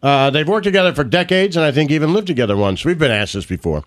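A middle-aged man co-hosting a casual podcast, blunt and profane with deadpan jokes. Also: a little high, quick pace. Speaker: podcast co-host.

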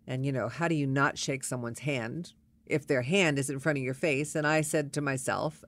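A woman's voice: low voice, moderate pace. A woman telling a personal story in a casual, wry and exasperated way.

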